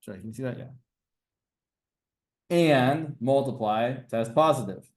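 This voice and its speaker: A man's voice: medium pitch, lively intonation, unhurried, darkish tone. Man teaching a probability class. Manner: explains step by step, self-correcting, asks the class questions.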